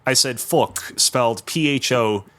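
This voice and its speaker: A man's voice: medium pitch, fairly bright tone. A man co-hosting a casual podcast, speaking in a dry, matter-of-fact way. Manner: dry, matter-of-fact, reads labels aloud deliberately. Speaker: podcast co-host.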